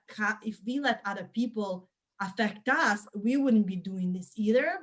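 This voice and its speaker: A woman hosting the program, calmly reassuring and advising a client in conversation. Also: mid-range voice. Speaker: program host. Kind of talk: supportive advice in conversation.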